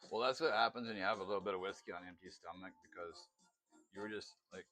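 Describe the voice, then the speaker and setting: A man's voice: sits low, quick pace, bright, forceful tone, soft background music. Rambling, chatty man cooking. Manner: rambling, chatty, lots of fillers and asides. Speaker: home cook vlogger. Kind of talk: casual cooking vlog chat.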